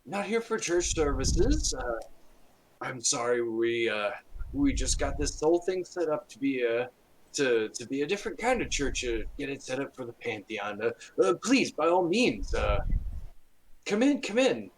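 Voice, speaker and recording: A man's voice: mid-range voice, very animated, measured pace, a little hiss or hum, voice pushed up, low-quality recording. A man voicing a fussy, eager-to-please male priest who stammers apologetically. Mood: flustered.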